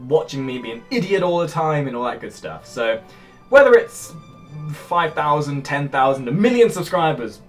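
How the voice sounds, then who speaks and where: A lively young English man who talks with a posh, upper-class sounding English accent, answering his viewers' comments in a jokey casual vlog. His voice sits fairly high for a man and swings widely in pitch, sometimes bursting into loud shouts. Faint music plays behind him. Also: moderate pace. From England. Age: young adult.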